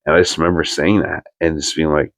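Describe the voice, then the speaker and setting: A man's voice: very deep voice, level tone, fast talker, no room sound. A young man, a podcast co-host, telling a personal story in an earnest, rambling way full of "like" fillers.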